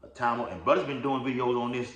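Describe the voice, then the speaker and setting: A man's voice: medium pitch, quick pace, fairly bright tone, echoey room. A man giving an informal religious teaching, rambling and checking in with "okay?" and "all right?", reading verses aloud. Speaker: lay preacher.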